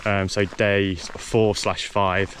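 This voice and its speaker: A man's voice: fairly low pitch, little pitch movement, takes it slowly, fairly bright tone, slight background noise. A man chatting casually as he walks an outdoor trail, easygoing, with frequent ums and restarts. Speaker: vlogger walking a long-distance trail. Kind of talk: casual walking vlog commentary.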